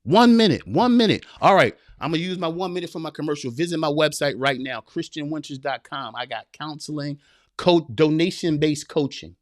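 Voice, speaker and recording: A man's voice: on the high side, animated, brisk, dry recording, clean studio sound. A man in his forties, a men's coach, giving an impassioned motivational speech full of repetition and street slang. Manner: preachy and emphatic, repeats phrases, street slang. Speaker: men's coach and podcast guest.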